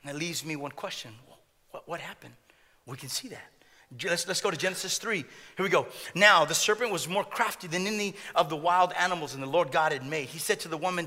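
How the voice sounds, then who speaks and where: High bright-voiced male pastor. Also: fairly quick, in a large hall. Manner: jokey, often repeats words, laughs at own jokes. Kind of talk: sermon.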